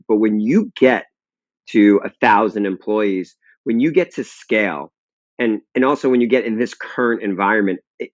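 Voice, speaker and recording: A man's voice: fairly low pitch, no echo, dull audio. A man who is a guest on a podcast, explaining his views emphatically and building points through repetition. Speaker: guest, restaurant and fitness founder. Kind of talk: podcast interview.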